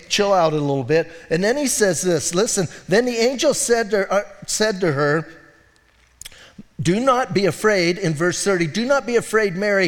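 A man preaching a sermon as pastor, talking in an animated, conversational way and often breaking in with "listen" and "right?". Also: sits high, in a large hall. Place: church.

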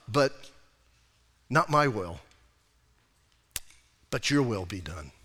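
A man with an American accent preaching a conversational, animated sermon as pastor, acting out quotes along the way. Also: on the high side. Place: church sanctuary. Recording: reverberant church hall recording.

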